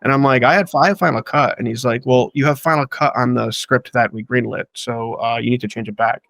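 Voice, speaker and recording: A man's voice: medium pitch, fairly even intonation, vocal fry, fairly bright tone, no room sound. A man telling stories from making his films in casual, profane talk, acting out the people he quotes. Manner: fast, profane, acts out quotes of others. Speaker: guest filmmaker. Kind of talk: casual anecdotal storytelling.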